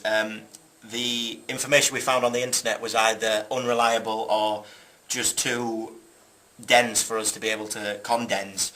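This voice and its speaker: Bright-voiced young man narrating history. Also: fairly low pitch. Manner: jokey asides, hesitant fillers. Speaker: student presenter. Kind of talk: narrating a school history video.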